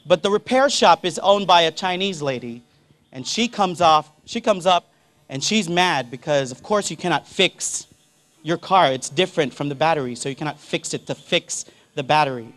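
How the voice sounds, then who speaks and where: A young adult telling a funny story to an audience, animated with quick asides and laughing between lines. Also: medium pitch. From Palau. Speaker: youth campaign speaker.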